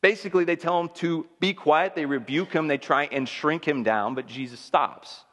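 A man's voice: on the high side, moderate pace, fairly bright tone, long reverb tail. A man preaching a sermon in a conversational, emphatic way, building intensity as he makes his points. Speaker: pastor.

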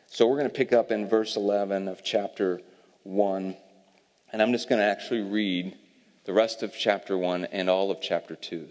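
Male pastor, low voice, sermon reading with casual asides; reverberant church hall. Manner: reads scripture then explains with casual asides.

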